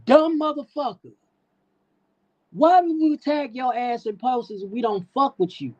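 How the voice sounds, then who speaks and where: On her livestream, a woman with a high, slightly mellow voice delivers a profane rant calling someone out, preaching at and scolding them. The audio is dull, lo-fi stream quality.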